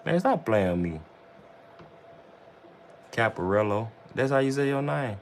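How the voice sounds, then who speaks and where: A man's voice: mid-range voice, expressive, unhurried, long pauses, a little hiss or hum. A man chatting casually on his livestream in loose slang, rambling and often tossing in "bro" and "you know what I'm saying". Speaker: vlogger on a livestream.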